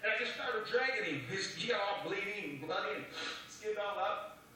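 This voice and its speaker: A man giving a dramatic religious testimony, excited, repeating himself and acting out the voices in his story. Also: high voice, normal speed, slight background noise. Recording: echoey room, distant from the mic.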